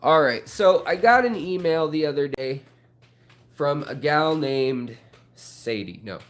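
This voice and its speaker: A man with a voice on the high side hosts an aquarium channel, chatting casually and rambling to the camera beside his fish tanks at home. He's animated but takes it slowly, tossing in plenty of fillers and jokes while sounding out of breath.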